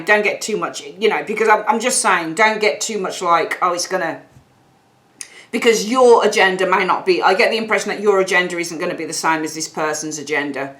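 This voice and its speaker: A woman's voice: fairly low pitch, fairly bright tone. Woman, tarot reader, chatty, repeats herself for emphasis. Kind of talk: tarot reading to camera.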